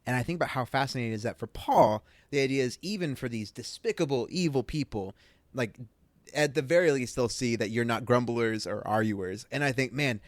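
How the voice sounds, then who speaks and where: A man's voice: mid-range voice, brisk, no echo. A man co-hosting a casual Bible podcast, telling stories with animation and dropping short affirming murmurs while the other host talks.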